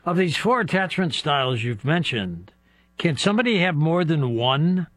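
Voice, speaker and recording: A man's voice: on the high side, expressive, moderate pace, fairly bright tone, no echo. A man hosting a radio call-in show, breezy as he introduces the callers. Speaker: radio host.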